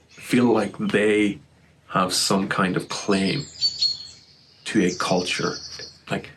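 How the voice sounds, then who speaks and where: Irish guy talking outside, kinda low voice, earnest and reflective, loads of birds chirping behind. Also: fairly even intonation, measured pace, gravelly, very noisy. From Ireland. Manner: thoughtful, earnest, building to heated. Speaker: vlogger. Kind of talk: reflective casual monologue. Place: outdoors with birdsong in the morning. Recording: outdoor recording with loud birdsong. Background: loud birdsong.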